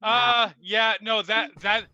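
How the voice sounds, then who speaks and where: A man's voice: high voice, steady tone, slow pace, sharp tone, muffled recording. A man playing in a tabletop game, joking with sarcasm and swearing often. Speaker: player.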